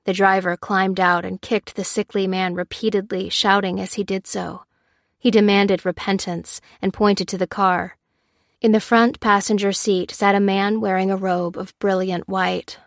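A woman's voice: medium pitch, level tone, moderate pace, gravelly, no room sound. Woman narrating an audiobook, dry. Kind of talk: scripted narration.

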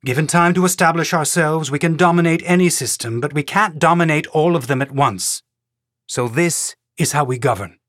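A man voicing a careful, measured male governor. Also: on the high side, a bit bright, no room sound, clean studio sound, voice pushed up, natural voice.

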